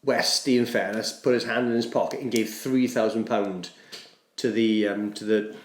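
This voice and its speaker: A man's voice: lowish voice, normal speed. A man, a podcast guest telling a long story in casual chat, rambling and restarting with lots of "I said". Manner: rambling, animated, stacks up "I said" and restarts. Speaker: podcast guest, charity co-founder. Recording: roomy echo.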